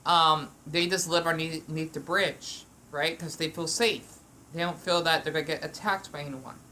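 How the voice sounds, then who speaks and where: Woman chatting through a snack at home, bright sharp voice, kinda low pitched, lots of restarts. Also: fairly even intonation, normal speed, slight background noise. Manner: meandering, with frequent restarts and fillers. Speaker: vlogger. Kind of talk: rambling eating vlog.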